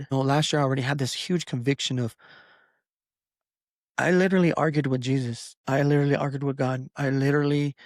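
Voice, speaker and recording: A man's voice: medium pitch, no echo. Earnest rambling man on a dry mic. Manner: rambling, earnest, many fillers and restarts. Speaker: podcast co-host. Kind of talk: casual podcast chat.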